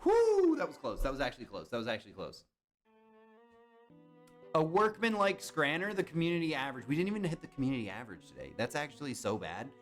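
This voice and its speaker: A man's voice: mid-range voice, fast, faint music behind. A young man streamer chatting casually and reacting to viewers' comments while playing browser games. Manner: animated, chatty, reads and answers chat. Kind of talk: casual live-stream chat.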